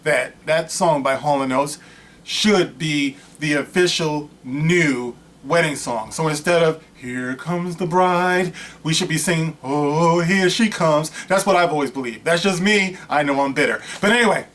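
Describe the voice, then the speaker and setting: A man's voice: on the high side, moderate pace, a bit bright. A man hosting his own vlog, ranting in a casual, rambling way with lots of asides and storytelling. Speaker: vlog host. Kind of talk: casual rant to camera.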